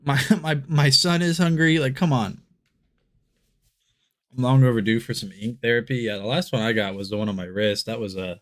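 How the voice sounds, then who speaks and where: Rambling, laughing male stream host. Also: lowish voice. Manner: laughs often and rambles with restarts. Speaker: livestream shopping host. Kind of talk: casual live-stream chat.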